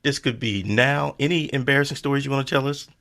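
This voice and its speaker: A man hosting a casual interview, relaxed and joking, who speaks to the viewers directly. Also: medium pitch, fast talker. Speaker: show host.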